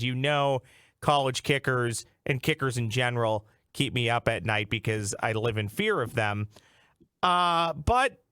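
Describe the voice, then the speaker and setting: A man's voice: medium pitch, fairly bright tone, smooth, no room sound, clean studio sound. Upbeat man hosting a sports podcast. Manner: jokey, upbeat sign-offs. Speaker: podcast host.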